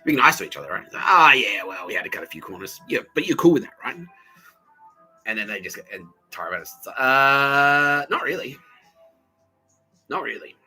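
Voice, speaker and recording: A man's voice: lowish voice, very animated, fast talker, sharp tone, breathy edge, faint music behind, poor audio. A young Australian man hosting a podcast, rambling through a profane monologue, laughing often and doing voices for the people he quotes. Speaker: podcast host.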